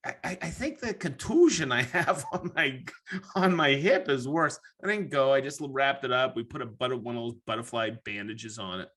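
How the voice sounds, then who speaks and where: A man hosting a podcast, telling a story in casual chat, animated and profane, acting out his own reactions. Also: medium pitch, normal speed. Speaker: podcast host.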